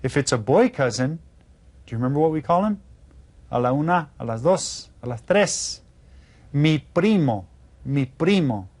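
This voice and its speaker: A man's voice: a little high, expressive, normal speed, darkish tone. A man teaching a video Spanish lesson to children, patiently spelling words out letter by letter.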